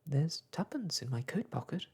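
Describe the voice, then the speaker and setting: A man's voice: fairly high pitch, moderate pace, breathy edge, voice pushed up, full character voice. A man voicing an eager, wondering young girl in a whispered role-play. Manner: excited, wondering.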